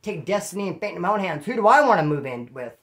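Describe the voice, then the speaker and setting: A man from California telling his own prison stories in a casual, profane, animated way and acting out what people said. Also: high voice, fast talker. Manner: profane, animated, acts out quoted dialogue. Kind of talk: casual storytelling.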